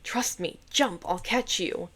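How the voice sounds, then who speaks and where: A woman's voice: medium pitch, slow, a bit bright, slightly rough. A woman voicing a dashing young male hero in a cheesy old film, urgent and coaxing.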